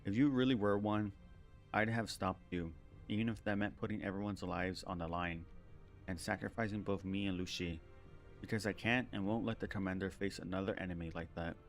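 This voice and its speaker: A man voicing a calm, battered female android doll who speaks steadily and with quiet mockery, read aloud from a game on stream. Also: low voice, fairly quick, soft background music. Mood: quietly mocking.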